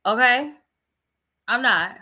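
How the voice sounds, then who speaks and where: A woman's voice: on the high side, animated, slow pace, sharp tone. A woman hosting a podcast, giving casual commentary in a blunt, exasperated, chatty way. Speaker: podcast host.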